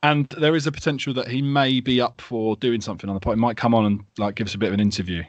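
A man's voice: medium pitch, fairly even intonation, fast talker, no room sound, dull audio. A man co-hosting a podcast, chatting casually with a rambling, enthusiastic, sweary manner. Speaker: podcast co-host.

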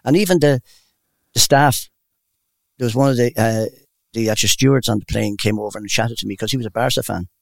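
A man's voice: mid-range voice, a little fast, vocal fry, no room sound. An older man telling rambling personal stories in a casual interview. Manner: rambling, warm anecdotal storyteller. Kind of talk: casual storytelling.

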